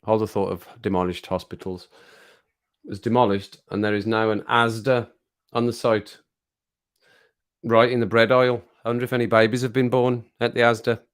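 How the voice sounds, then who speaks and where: With a fairly low, level and clean voice at a moderate pace, a middle-aged English man with a Birmingham accent hosts a livestream. He banters loosely with viewers in the chat, wandering off on tangents and laughing often.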